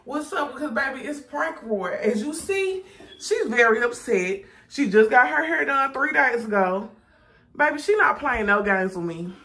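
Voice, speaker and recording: A woman's voice: high voice, expressive, moderate pace, bright, forceful tone, roomy sound, recorded from a distance. A woman filming a playful prank vlog on a handheld phone. She teases and laughs a lot, and her speech has features. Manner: playful, teasing, laughing often. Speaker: vlogger. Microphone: phone held in hand.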